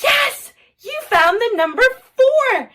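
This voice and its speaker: A woman's voice: sits high, very animated, slow pace, a bit bright. A woman hosting a toddler counting lesson, talking in an exaggerated sing-song way with gasps and cheers. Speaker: children's educational video host.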